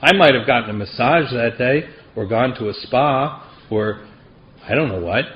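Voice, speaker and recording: A man's voice: medium pitch, moderate pace, highs cut off, a little hiss or hum. Wry, self-deprecating man telling his story. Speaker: AA speaker. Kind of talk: personal story at a recovery meeting. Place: meeting hall.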